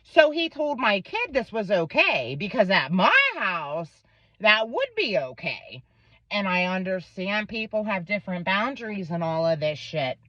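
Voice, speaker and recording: Fired up mom ranting, swears a ton, voice bouncing all over, dry kinda muffled audio. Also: female voice, mid-range voice, sing-song, unhurried, a bit bright, dry recording. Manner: profane, heated, quotes others in voices. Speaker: parent telling a story. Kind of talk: angry storytime rant.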